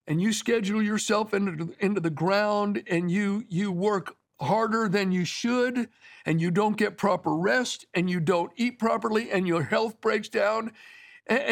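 A male preacher with a notably high voice and a rough, gravelly edge. He preaches in a loose, conversational way, retelling stories and doubling back on his words as he goes. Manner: conversational storytelling preaching with frequent restarts. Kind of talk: sermon.

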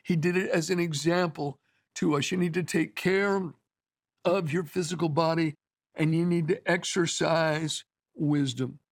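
High gravelly-voiced man preaching. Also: steady tone, a little slow. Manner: conversational storytelling with asides and acted quotes. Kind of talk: sermon.

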